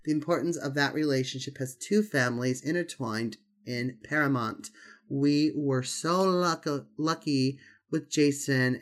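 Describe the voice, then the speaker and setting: Posh british society lady reading her own letter, a guy doing the accent, genteel and a bit halting, stumbles here and there. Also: medium pitch, natural voice. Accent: put-on British. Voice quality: put-on posh accent, stumbling over words.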